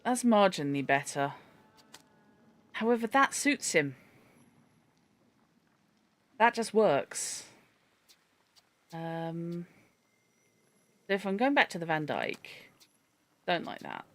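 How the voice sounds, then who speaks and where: Speaking slowly in a mid-range voice with big swings in pitch and frequent pauses, a streamer gives let's-play commentary. The talk is chatty and rambling, with dictionary readings, reflections on word origins and character appearances, and an exclamation at a cat.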